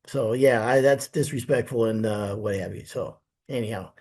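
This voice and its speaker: A man's voice: on the low side, moderate pace, few pauses, darkish tone, breathy edge. A man who works as a contractor, speaking plainly in a casual chat with many fillers. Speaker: flooring contractor.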